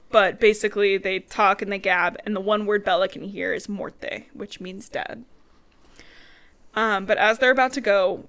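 A young woman co-hosting a podcast, recapping a book in casual chat, animated and swearing, acting out characters' lines in her own voice. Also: medium pitch, vocal fry. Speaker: podcast co-host.

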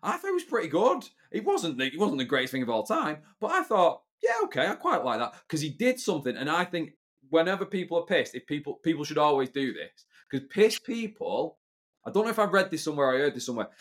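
A man's voice: fairly high pitch, big pitch swings, fast, fairly bright tone. British male podcast co-host, casual and swears freely. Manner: chatty, opinionated, swearing freely. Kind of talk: casual chat.

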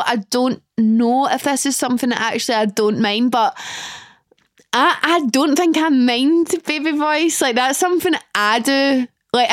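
Chatty young Scottish woman, high voice. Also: dry recording, studio quality. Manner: chatty, animated, self-mocking. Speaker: podcast host. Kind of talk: casual solo chat.

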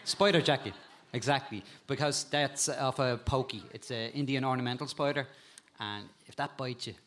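A man with an animated way of telling stories, a guest talking casually about insects and spiders and laughing at times. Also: medium pitch, normal speed. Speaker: guest, insect and frog expert. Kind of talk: casual storytelling chat.

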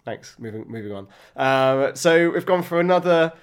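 A man's voice: on the high side, animated, moderate pace, smooth. Hesitant man co-hosting a podcast. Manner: hesitant, stammers and restarts often. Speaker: podcast co-host. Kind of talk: casual chat.

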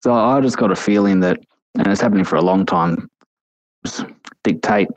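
A man's voice: sits low, normal speed, dry recording. A man from Australia with a New Zealand accent, calling in to a podcast with dry, understated humour. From Canberra, Australia. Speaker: caller. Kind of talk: phoned-in podcast chat. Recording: muffled dry phone line.

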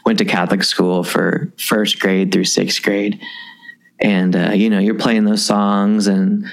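A man's voice: fairly low pitch, little pitch movement, a little slow, gravelly. A man in his thirties from Kentucky, a musician talking casually and rambling with lots of fillers. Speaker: musician guest. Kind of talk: casual conversation.

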